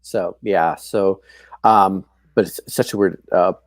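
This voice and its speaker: An older man, a foster and adoptive father, telling his story in a casual, halting way, full of "you know" and "um". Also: low-pitched, steady tone, dry recording. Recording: dry close sound.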